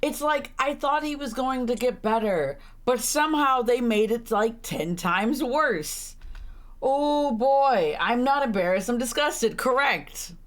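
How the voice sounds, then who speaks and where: This young woman streams a visual novel, reading the text and tossing in sarcastic, annoyed, profane reactions. She speaks at a measured pace with few pauses, in a fairly high, expressive, slightly bright voice.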